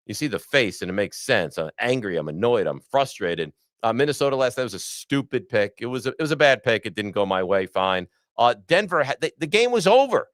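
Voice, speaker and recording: A man's voice: mid-range voice, sing-song, brisk, hardly any pauses, fairly bright tone, dry recording, clean studio sound. A man hosting a sports podcast, ranting bluntly and with frustration about his team. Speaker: podcast host. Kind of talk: sports talk.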